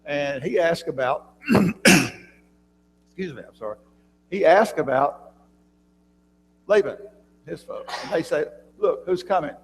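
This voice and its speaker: Gravelly man teaching a church Bible class. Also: fairly high pitch, expressive, measured pace, pauses often. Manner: conversational, quizzes the class with questions; frequent throat clearing and restarts. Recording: reverberant church room with faint hum.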